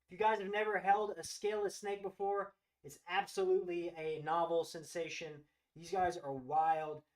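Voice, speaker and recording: A man with a notably high voice hosts a live-stream showcase. He talks with eager enthusiasm, praising each animal as he goes. He often circles back and restarts his sentences. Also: level tone, normal speed. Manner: enthusiastic, gushing over animals. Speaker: host of a live reptile sales show.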